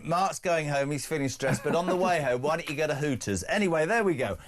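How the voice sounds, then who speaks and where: A man's voice: fairly high pitch, expressive, fast, a crowd in the background. A man with an English accent hosting a breakfast talk show, blunt and indignant, with joking asides. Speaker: radio and TV breakfast show host. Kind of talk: opinionated talk radio chat.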